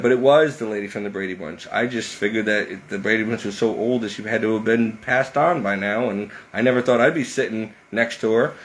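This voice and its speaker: A man vlogging a casual story from inside a house, rambling and interrupting himself, laughing often. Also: mid-range voice.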